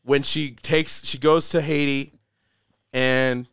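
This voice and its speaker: A man's voice: medium pitch, fairly even intonation, slow pace, fairly bright tone, smooth, dry recording, studio quality. A young man hosting a podcast, talking casually and animatedly, swearing and saying "like" and "dude" a lot. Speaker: podcast host. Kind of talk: casual chat.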